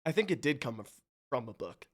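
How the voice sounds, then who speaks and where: A man livestreaming, telling stories and chatting casually with his viewers, animated and loose with swearing. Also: medium pitch, fairly quick, breathy edge. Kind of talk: casual chat with stream viewers.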